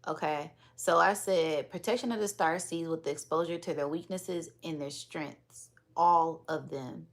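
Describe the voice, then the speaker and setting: A woman with a deep, gravelly voice leads a live-streamed spiritual energy reading. She speaks in a calm, relaxed, unhurried way, chatting easily with her viewers. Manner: calm, relaxed and unhurried, sometimes repeating words. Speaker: spiritual reader and livestream host.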